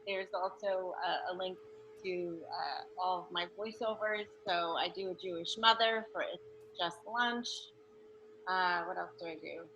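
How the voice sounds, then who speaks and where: A woman from New York, a guest author, talking casually and joking, with quick self-corrections. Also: on the low side, fairly bright tone, highs cut off, a little hiss or hum. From New York, USA. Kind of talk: casual talk at the end of an online Q&A.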